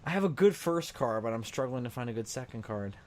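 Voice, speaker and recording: A man's voice: mid-range voice, lively intonation, quick pace, slight background noise. A man co-hosting a podcast, chatting casually and a bit mumbly during a card game. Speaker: podcast co-host.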